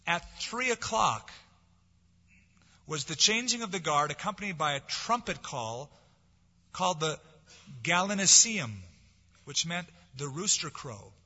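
A man preaching a sermon, swinging from forceful, dramatic lines to soft, hushed ones. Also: a little high, husky. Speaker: pastor. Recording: dull lo-fi sound with long hall reverb.

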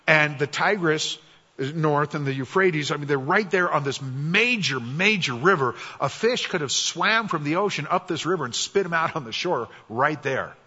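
A guest preacher with a forceful, slightly husky voice, telling scripture stories in a casual, wry way. The recording is dull and lo-fi, and a long reverb trails through a large hall. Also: male voice, a little high, expressive, moderate pace. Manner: conversational and wry, drops soft for quoted prayers. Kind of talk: sermon. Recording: dull, echoey church hall.

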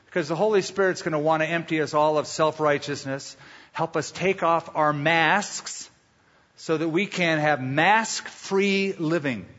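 A man's voice: a little high, measured pace, fairly bright tone. A man preaching a sermon as pastor, emphatic and storytelling. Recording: lo-fi with long hall reverb.

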